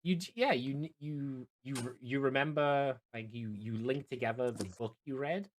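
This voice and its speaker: A man's voice: medium pitch, normal speed, slight background noise. Man game master, mid-range voice, loose rambling narration with restarts. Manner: rambling, with many fillers and restarts. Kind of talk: narrating a tabletop game over voice chat.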